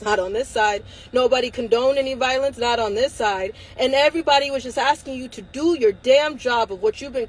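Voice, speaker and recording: Woman, high voice, angry emphatic livestream rant, phone mic, swearing. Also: low-quality recording. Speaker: livestream host.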